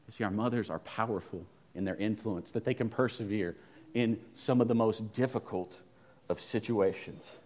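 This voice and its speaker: Impassioned preacher man, loud then hushed. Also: fairly low pitch, normal speed. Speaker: pastor. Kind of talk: sermon.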